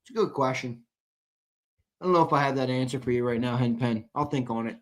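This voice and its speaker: A man's voice: medium pitch, fast talker. A tired young man hosting a live postgame sports stream, reading chat comments and ribbing viewers in a blunt, casual way. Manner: blunt, ribbing chatters, swings from mumbling to loud outbursts. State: tired, yawning.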